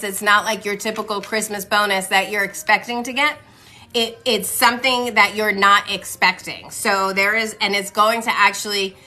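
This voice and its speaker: Woman, forties, tarot reader, bright clear voice, chatty and reassuring, phone live stream. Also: mid-range voice. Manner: chatty, reassuring, talks to viewers by name. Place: home, livestream.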